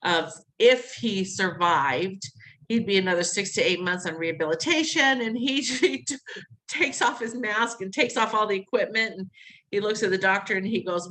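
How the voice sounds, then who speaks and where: Animated middle-aged woman telling a story. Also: medium pitch, moderate pace, rough recording. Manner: animated, acts out quotes, laughs often. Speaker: interview guest. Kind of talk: emotional personal storytelling.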